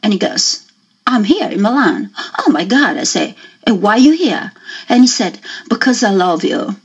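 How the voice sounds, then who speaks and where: A woman telling a personal story in a radio interview, talking haltingly and with feeling, often acting out what people said. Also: medium pitch, very animated, slightly rough. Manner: halting and emotional, acts out quoted dialogue. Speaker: interview guest. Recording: muffled lo-fi radio audio.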